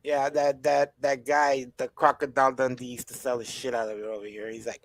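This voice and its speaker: A man in casual chat on a stream, animated and joking. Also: medium pitch, fairly quick, dry recording.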